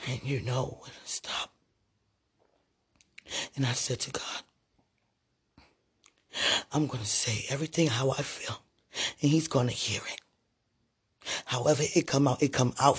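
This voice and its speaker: A man giving an intimate spiritual monologue, breathy and halting. He hums and murmurs between phrases and often trails off with "you know". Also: medium pitch. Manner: opens in a hushed whisper. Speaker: podcaster.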